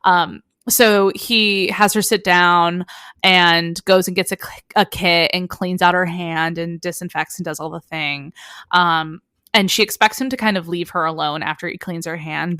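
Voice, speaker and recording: A woman co-hosting a chatty podcast, walking her friends through a romance plot and slipping into the characters' lines as she goes. Her voice sits a little low, and the recording is dry and close. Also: no room sound. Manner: animated storytelling, acting out character quotes. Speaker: podcast co-host. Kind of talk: casual chat, retelling a romance story.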